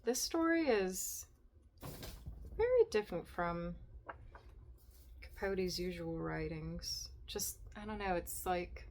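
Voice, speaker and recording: A woman with a lowish voice hosts a book podcast from home, talking slowly and unhurriedly. She drifts through loose, rambling asides before settling into reading a story aloud. A faint hiss sits under her voice. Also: animated, a little mellow.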